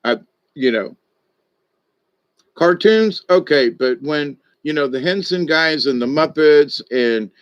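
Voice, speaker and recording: An older man and former stage director telling rambling, animated stories in a casual monologue, often trailing off and restarting. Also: on the high side, takes it slowly, no room sound. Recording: dull, dry lo-fi audio.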